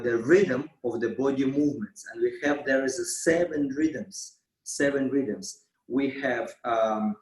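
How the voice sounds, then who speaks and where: Slow-talking dance teacher in an echoey studio. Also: male voice, mid-range voice, a little mellow. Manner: counts beats with vocal sounds. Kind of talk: dance class instruction. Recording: roomy, from far off.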